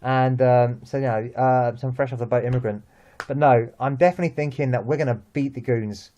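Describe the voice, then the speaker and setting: A young man with a London accent, chatting about football as host, lively and full of restarts and repeated words. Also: medium pitch, brisk, highs cut off. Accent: London English. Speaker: vlog host. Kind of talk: casual football chat.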